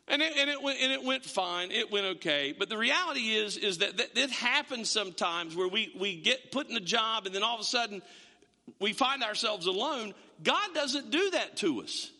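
A man's voice: sits high, pushed and bright. A man preaching a sermon, telling stories with quoted voices and repeated words, as a pastor to a congregation. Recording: long hall reverb.

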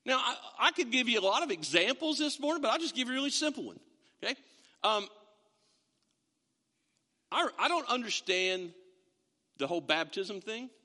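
A man preaching a sermon to a congregation, animated and acting out the imagined voices of other people as he talks. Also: extremely high pitch, moderate pace, pauses often, long reverb tail. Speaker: pastor.

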